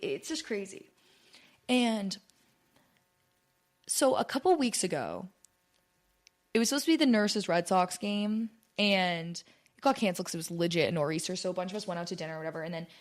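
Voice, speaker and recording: A young woman rambles through a story on her home podcast mic. Her talk is loose and chatty, packed with "like" and casual swearing. Her voice sits at an ordinary middle pitch. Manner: chatty, rambling, swears often, heavy use of "like". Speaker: podcast host.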